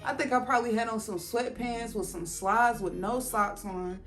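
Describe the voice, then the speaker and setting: A woman telling a personal story to her viewers in a casual, animated and profane way, speaking to them directly. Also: fairly high pitch, moderate pace, soft background music.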